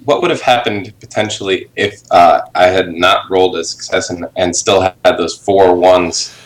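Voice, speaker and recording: A man's voice: low voice, steady tone, normal speed. A man playing a tabletop role-playing game, wry and groaning at his dice rolls. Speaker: player. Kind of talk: casual tabletop game chat. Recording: roomy echo, faint noise.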